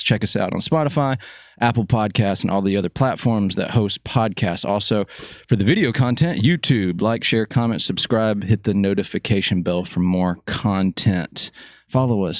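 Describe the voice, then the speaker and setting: A man's voice: fairly low pitch, no echo, studio quality. Rambling man hosting a podcast. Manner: loose, rambling, many fillers. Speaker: podcast host. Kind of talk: casual podcast chat.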